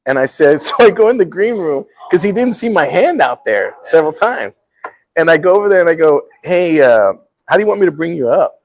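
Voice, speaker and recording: A man's voice: a little high, a little fast, a little hiss or hum, rough recording. A middle-aged man hosting a casual talk show, telling a story and acting out the quotes with laughs. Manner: animated, acts out quotes with laughs. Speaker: host.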